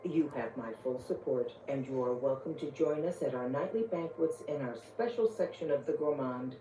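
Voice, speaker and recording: An actress voicing a proud, flattering high-society club lady in a video game, refined and smooth. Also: normal speed, distant mic, slight background noise. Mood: gracious. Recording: roomy game audio from afar.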